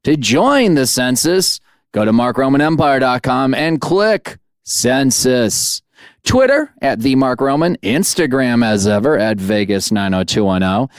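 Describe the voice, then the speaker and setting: Playful podcast host, lively swooping pitch. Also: male voice, unhurried, dry recording, clean studio sound. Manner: playful, jokey, rambling asides. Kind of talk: podcast interview and sign-off. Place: studio.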